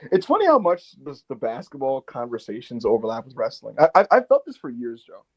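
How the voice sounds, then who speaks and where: A man co-hosting a casual wrestling chat show, animated and quick to laugh. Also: mid-range voice. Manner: animated, laughing, slips into shouted impressions. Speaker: podcast co-host. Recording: dull lo-fi audio.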